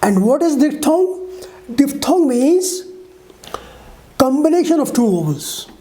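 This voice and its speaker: Slow, mellow-voiced woman teaching pronunciation. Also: sits high, sing-song. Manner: slow, deliberate, models each sound with examples; checks in with the learner often. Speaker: English teacher. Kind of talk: pronunciation lesson.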